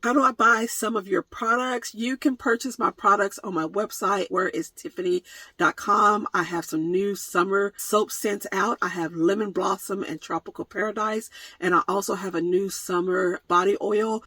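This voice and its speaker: A woman vlogger chats through viewer questions with a bright, forceful voice, laughing often and hamming up mock-dramatic complaints. She records on a phone camera in a dry, close sound with little room echo. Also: medium pitch, normal speed, slightly rough. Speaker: van life vlogger. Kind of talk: casual Q&A vlog.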